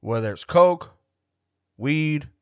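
A man's voice: a little high, expressive, slow pace, clean tone, no room sound. A man hosting his own show, talking in a casual, rambling monologue that is blunt, profane and joking. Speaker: podcast host. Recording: dull, dry lo-fi recording.

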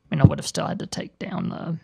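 A man's voice: quick pace, mellow, faint music behind. A man giving casual gameplay commentary as a let's player, muttering and talking to himself while he plays.

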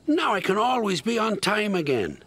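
A man's voice: sits high, very animated, moderate pace, noisy background, pitched above the performer's own voice. A man doing a kindly folksy old postman. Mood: pleased. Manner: homely, folksy speech. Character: kindly older male village postman.

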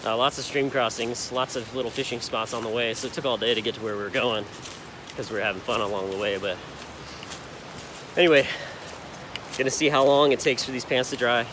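A slightly hoarse man talks in a relaxed, chatty way, narrating an outdoor vlog. His voice sits in a mid-low pitch. Rushing stream water hisses clearly behind him. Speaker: outdoor vlogger.

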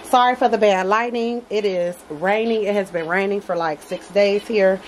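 Woman vlogger talking to viewers in her home nursery, warmly gushing; mid-range voice, faint hum behind. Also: mid-range voice, normal speed, rough recording. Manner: gushing, affectionate, addresses viewers as y'all. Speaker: reborn doll collector vlogger. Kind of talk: casual unboxing chat.

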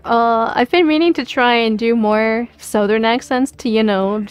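A woman's voice: fairly high pitch, normal speed, clean tone, dry recording. A woman streamer chatting casually while she plays a game, playful and rambling, often giggling.

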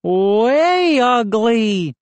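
A woman voicing a brash, teasing boy who bullies and boasts loudly in a storybook reading. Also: high-pitched, takes it slowly, no echo, voice pushed up. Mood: taunting. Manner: loud and boastful.

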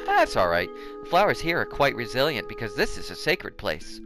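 Male reader voicing a kind, calm young game heroine; soft, even delivery, with game music behind. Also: mid-range voice, moderate pace. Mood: gentle. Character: gentle young flower girl, calm and kind. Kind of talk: reading game dialogue aloud.

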